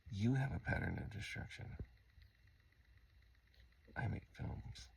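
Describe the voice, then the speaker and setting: A tired man hosting a late-night tutorial, rambling and self-mocking, often sinking into a mumble. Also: slow pace. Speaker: host.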